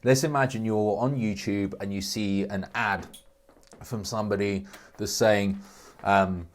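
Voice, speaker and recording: A man's voice: on the low side, steady tone, a little slow. A man hosting a talk, giving earnest, reflective business advice in a conversational way. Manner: earnest, reflective, lots of restarts. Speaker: host.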